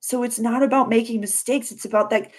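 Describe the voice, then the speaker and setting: A woman's voice: on the high side, fairly even intonation, brisk. A woman in her thirties hosting a live astrology stream, speaking in an effusive, spiritual coaching manner and answering viewers.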